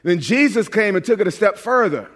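A man's voice: sits high, lively intonation, brisk, a bit bright. A pastor from New York preaching a sermon in a conversational, joking way, often restarting his phrases. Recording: long hall reverb.

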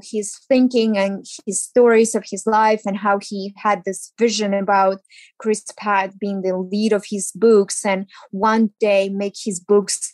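Young woman, actress guest, animated storyteller, dry close sound. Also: medium pitch, no room sound. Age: young adult. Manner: animated storyteller who acts out quotes. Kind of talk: casual interview chat.

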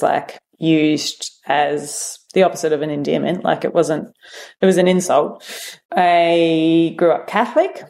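A woman's voice: low voice, creaky, darkish tone. An Australian woman from rural New South Wales in her thirties, telling her own story candidly as a podcast guest, quoting herself and others and full of fillers. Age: 30s. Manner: frank, quotes herself and others with lots of fillers.

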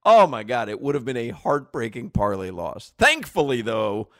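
A man hosting a sports talk radio show, telling rambling stories in an animated way and laughing often, on a close studio mic. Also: mid-range voice, moderate pace, dry recording.

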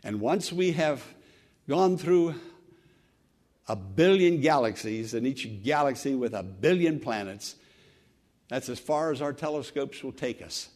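A man preaching a sermon as pastor, earnest and conversational, swinging from fervent emphasis to soft, quiet phrases. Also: mid-range voice, expressive, unhurried. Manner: repeats words and restarts, conversational preaching.

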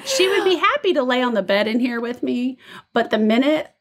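A woman's voice: fairly high pitch, sing-song, a little fast, fairly bright tone. A woman co-hosting a podcast from a room at home, chatting and reading listener letters aloud. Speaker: podcast co-host.

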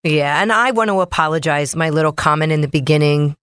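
Female mortgage officer, radio co-host, brisk and chatty, dry close mic. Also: low voice, fairly bright tone, clear, resonant tone, no echo. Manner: brisk, chatty, reels off figures. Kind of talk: casual radio talk. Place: radio studio.

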